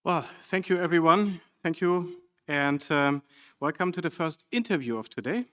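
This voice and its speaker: A man from Germany, speaking, opens an on-stage interview. His voice sits a little high for a man, and his manner is friendly with a light joking touch. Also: lively intonation, moderate pace, sharp tone.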